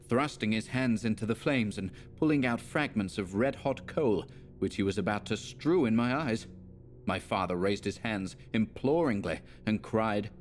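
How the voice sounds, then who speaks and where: A man narrating a dark story in a measured, dramatic reading. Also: fairly low pitch, soft background music.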